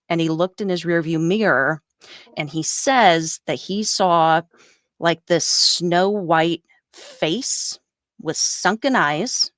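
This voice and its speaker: A woman co-hosting a podcast, retelling a story in a rambling, animated way with fillers. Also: on the low side, dry recording, studio quality. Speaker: podcast co-host. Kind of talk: casual storytelling chat.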